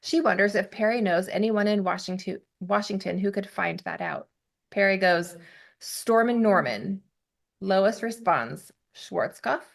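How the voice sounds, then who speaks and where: A woman's voice: medium pitch, fairly even intonation, moderate pace, vocal fry. A young adult woman hosting a podcast, recapping a TV episode in casual chat with giggly asides. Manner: chatty, giggly, narrates plot with asides.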